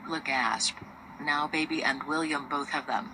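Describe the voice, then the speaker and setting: A woman's synthetic voice playing a stern female cartoon friend with a flat delivery. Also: low voice, unhurried, background noise.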